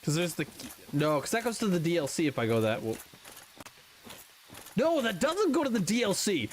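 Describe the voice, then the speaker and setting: This casual gameplay commentary comes from a North American streamer whose voice sits high and swoops wildly in pitch. He talks at a normal speed, thinking aloud and swearing casually, with a faint hiss or hum underneath.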